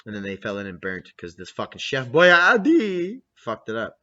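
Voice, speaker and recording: A rowdy young man hosting a casual podcast, swearing freely and laughing often. His pitch swings a lot as he talks. The recording is dull and lo-fi. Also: huge pitch swings, moderate pace, bright, forceful tone. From Canada. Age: 20s. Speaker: podcast host. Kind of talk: profane casual chat to camera.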